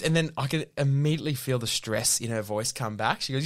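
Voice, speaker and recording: A young man hosting a podcast, telling a comic story with lots of giggling and high-voiced impressions. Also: brisk. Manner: animated, giggly, mimics others in a high voice. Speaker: podcast host. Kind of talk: casual comedic storytelling.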